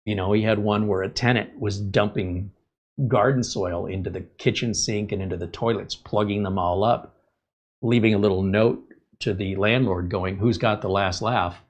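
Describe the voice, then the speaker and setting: A man's voice: on the low side, fairly even intonation, normal speed, dull audio. A man hosting a live stream, telling stories in a chatty, rambling way. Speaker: host. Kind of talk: casual live-stream monologue.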